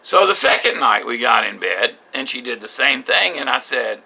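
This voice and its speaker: An older man recounting his marriage in a bitter, halting spoken journal, with frequent restarts. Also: mid-range voice, big pitch swings, vocal fry, bright, forceful tone, husky.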